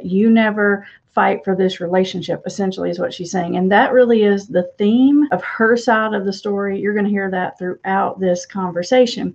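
A woman coach talks through an argument clip in a calm, explanatory, direct way. Her voice sits at an ordinary middle pitch. The audio is slightly dull and lo-fi. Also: gravelly. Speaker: relationship coach. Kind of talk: commentary analyzing an audio clip.

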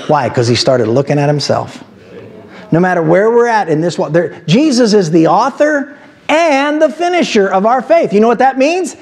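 A man delivers a sermon from the pulpit, his voice sitting noticeably high for a man. He teaches verse by verse and climbs into emphatic, preacherly exhortation. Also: very animated, moderate pace, a little mellow. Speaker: pastor. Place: church sanctuary.

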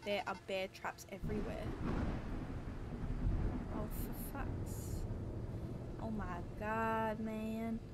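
A young woman streaming a horror game, reacting excitably, swearing, shrieking and laughing nervously. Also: fairly high pitch, extremely slow, pauses often. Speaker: gaming streamer. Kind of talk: reactive gameplay commentary. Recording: noisy home recording.

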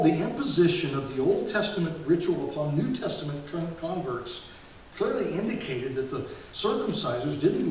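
A man's voice: on the high side, a little mellow. A male pastor preaching an earnest expository sermon, with occasional self-corrections, recorded in a church. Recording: echoey sanctuary from far off, hiss.

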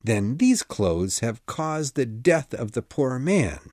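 Casting: a man reading a middle-aged male detective, commanding and urgent, lively delivery, slow and deliberate. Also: mid-range voice, dry recording, clean studio sound. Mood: reasoning. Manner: urgent exclamations, brisk reasoning. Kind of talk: audiobook character reading.

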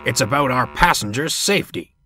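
A man's voice: medium pitch, animated, brisk, sharp tone, slight background noise. A man voicing an earnest, safety-minded male diesel engine who speaks firmly. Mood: stern. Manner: firm, cautionary.

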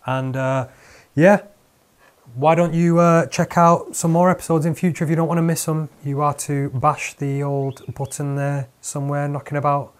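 A man's voice: fairly high pitch, level tone, normal speed. A young man hosting a podcast, rambling and joking with lots of fillers and restarts. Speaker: podcast host. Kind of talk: casual podcast chat.

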